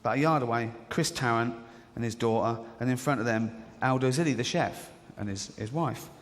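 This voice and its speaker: Fairly quick and medium in pitch, an English comedian delivers a chatty storytelling stand-up set in a large theatre, taking on other people's voices. Faint crowd ambience and live theatre reverb are audible.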